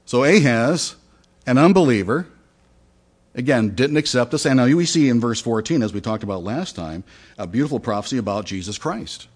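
A man's voice: mid-range voice, lively intonation, normal speed, husky. A male pastor giving a conversational sermon to his congregation, asking questions and retelling a parable. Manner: conversational, with fillers and restarts.

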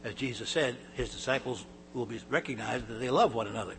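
A man's voice: mid-range voice, quick pace, a bit bright, slight background noise, low-quality recording. A man giving a sermon, reading scripture with rising emphasis and then explaining it in a plain, conversational way with restarts. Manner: conversational asides with small laughs and restarts. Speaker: pastor.

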